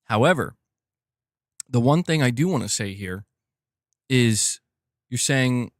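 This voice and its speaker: A man's voice: medium pitch, animated, measured pace, pauses often, no room sound, studio quality. A man hosting a gaming news livestream in casual commentary, reading donations aloud and talking straight to his chat. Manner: chatty, reads donations aloud, talks to chat directly.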